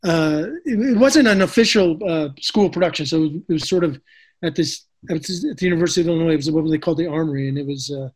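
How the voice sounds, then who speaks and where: A man's voice: fairly high pitch, quick pace. A middle-aged man, an actor, telling stories in a casual interview, chatty with lots of restarts and fillers. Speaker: actor, guest.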